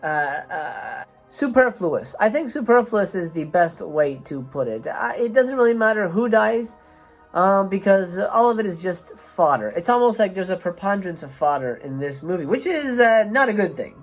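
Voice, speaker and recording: A woman's voice: mid-range voice, lively intonation, normal speed, faint music behind. A woman hosting a movie review channel, delivering a profane, sarcastic rant in an emphatic, swearing manner. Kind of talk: profane ranting film review.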